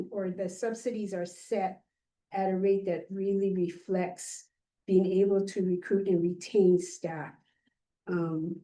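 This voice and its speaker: An older woman gives remarks at a public board meeting, her voice mellow and rather dark. She rambles a little, padding her points with fillers. The mic sits well away from her, so the sound is distant and roomy. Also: mid-range voice. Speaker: board member. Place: meeting, remote or room.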